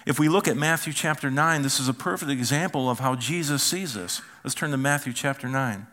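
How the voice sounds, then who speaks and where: A man's voice: medium pitch, fairly quick. A man, a pastor, preaching a conversational sermon and asking the congregation questions. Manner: animated, asks the congregation questions.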